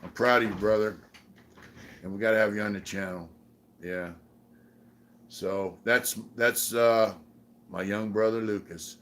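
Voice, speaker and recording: A man's voice: on the low side, steady tone, unhurried, pauses often, fairly bright tone, a little hiss or hum. Rambling, profane middle-aged man. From San Diego. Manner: rambling, profane, many fillers. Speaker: channel host. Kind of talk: casual livestream storytelling.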